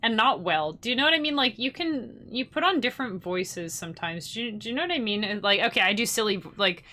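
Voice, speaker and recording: Young woman streamer, bright voice, chatty and rambling, quick to laugh. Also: on the high side, lively intonation. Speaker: musician streaming live to supporters. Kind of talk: casual livestream chat.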